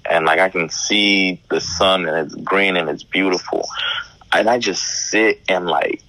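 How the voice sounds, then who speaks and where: A man speaking as a guest in casual conversation, calm and reflective, with some slang. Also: deep voice, a little slow, dry recording, poor audio.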